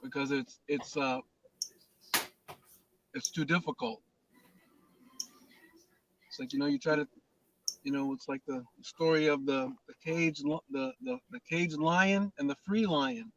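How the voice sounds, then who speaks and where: A man's voice: fairly high pitch, measured pace, long pauses, no room sound, highs cut off. A man leading casual spiritual talk, restarting and repeating words with preacherly emphasis. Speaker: host.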